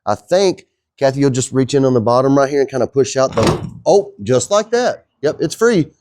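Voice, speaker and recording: Working on a truck in his home garage, a man gives a casual how-to vlog, joking along and talking to viewers as guys in a laid-back way. He's a DIY truck builder with an animated, mid-range voice at a moderate pace, and there's background noise.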